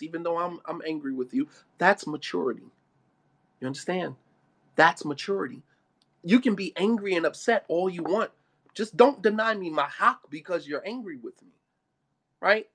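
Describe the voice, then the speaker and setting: Brief: male lecturer, high voice, blunt colloquial sermon on marriage, emphatic delivery. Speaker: Islamic speaker.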